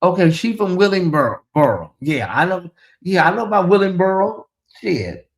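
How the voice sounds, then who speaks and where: A man's voice: high-pitched, expressive, normal speed, vocal fry. A man hosting a casual late-night livestream in a chatty, drawling way, reading viewer comments aloud and talking to the audience as "y'all". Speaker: livestream host.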